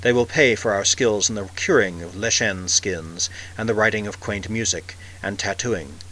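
Old alien elder, male, grave and sorrowful, slow heavy delivery; a male reader voices him. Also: fairly low pitch, fairly bright tone, a little hiss or hum, natural voice, low-quality recording.

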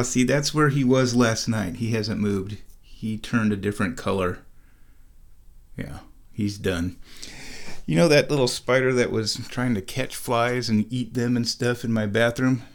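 A man rambling to the camera at home, wry and digressive, with frequent chuckles. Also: mid-range voice. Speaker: vlogger. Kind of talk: casual rambling monologue.

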